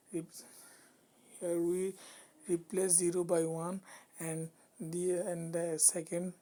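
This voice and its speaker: Woman, low flat delivery, slow and hesitant, narrating a coding walkthrough. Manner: halting, hesitant, many restarts. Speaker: programming tutor. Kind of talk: screen-recorded coding walkthrough.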